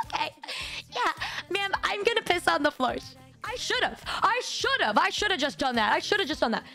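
High-voiced animated woman streamer. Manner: animated, swearing, voice jumps high when exasperated. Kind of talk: casual storytelling to stream chat.

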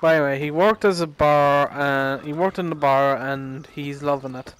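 A man's voice: on the high side, fairly even intonation, normal speed, a bit bright, a little hiss or hum, rough recording. A young man rambling through a casual story over gameplay, swearing a lot and laughing at his own rant. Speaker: gaming commentator.

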